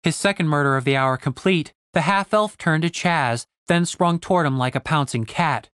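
A man reading a fantasy novel aloud in a steady storytelling voice. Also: on the high side, normal speed, clear, resonant tone, no echo, studio quality. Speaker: audiobook narrator. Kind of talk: scripted fantasy narration.

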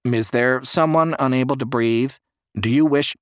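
A man reading a story, voicing an emergency operator asking crisp, businesslike questions. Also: medium pitch, moderate pace, no echo, studio quality, voice pushed up, natural voice. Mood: brisk. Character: brisk emergency phone operator.

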